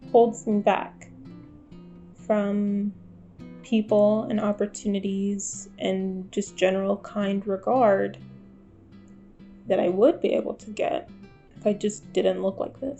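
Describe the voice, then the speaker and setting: A woman's voice: mid-range voice, creaky, dark tone, lo-fi sound. A woman in her twenties talking candidly to camera in a vlog, wry and self-deprecating. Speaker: vlogger. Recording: faint guitar music behind.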